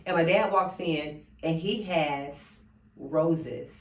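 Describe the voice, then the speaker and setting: A woman's voice: low voice, slow. Earnest woman in her thirties, roomy and distant. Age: 30s. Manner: earnest, repeats key phrases, speaks directly to listeners. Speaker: speaker addressing men. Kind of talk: heartfelt personal monologue. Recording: roomy sound from a distant mic.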